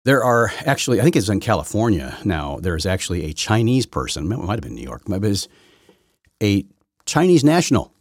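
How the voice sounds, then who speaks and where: A man hosts a solo political commentary podcast in a fairly low voice with big pitch swings, speaking briskly with no room sound. He rambles combatively and often corrects himself mid-sentence.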